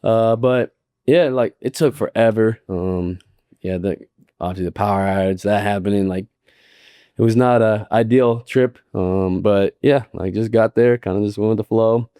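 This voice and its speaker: Laid-back low-voiced man, dry sound. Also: steady tone, dark tone, smooth, no room sound. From Colorado. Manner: laid-back, halting, full of "um" and "like". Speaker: podcast host. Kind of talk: casual chat.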